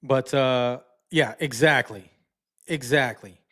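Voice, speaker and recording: A man's voice: medium pitch, slow, a bit bright. A man hosting a commentary channel, talking bluntly and indignantly, often repeating himself. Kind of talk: casual online commentary.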